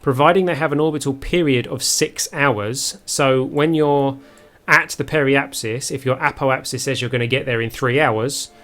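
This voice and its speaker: A man's voice: mid-range voice, moderate pace, few pauses, a bit bright. A young man streaming a space game live, talking viewers through his moves with many ums and restarts. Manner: hesitant, full of ums, chats with viewers. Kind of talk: live gameplay commentary.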